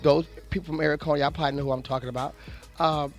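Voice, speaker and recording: A high-pitched, gravelly man hosts a local sports show. He talks bluntly and animatedly, piling up restarts and slang. Faint music plays behind him. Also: fairly even intonation, rapid-fire. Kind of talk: casual sports commentary.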